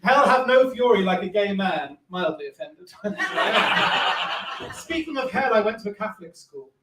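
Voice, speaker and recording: A man's voice: high-pitched, big pitch swings, a little slow, very noisy. A man doing a camp, self-mocking stand-up set in a live comedy club. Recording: echoey club, distant mic, crowd laughter.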